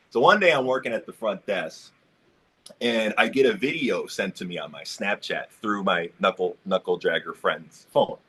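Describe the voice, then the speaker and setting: A man's voice: fairly low pitch, fairly bright tone, husky. A man on a discussion panel telling a personal story, acting out the quotes and speaking in casual slang. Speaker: roundtable panelist.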